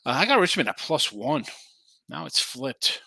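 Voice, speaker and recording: A man's voice: mid-range voice, very animated, normal speed, vocal fry, sharp tone, breathy edge, no echo, studio quality. A man hosting a sports betting show, casually running through picks and answering viewers. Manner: loose, rambling, answers chat comments. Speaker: sports betting podcast host.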